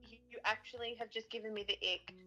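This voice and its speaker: A woman's voice: fairly high pitch, flat delivery, fast, sharp tone, highs cut off, soft background music. A middle-aged woman, a mother, chatting with her sister in a dry, teasing, sarcastic way. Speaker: guest sister. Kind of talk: casual chat.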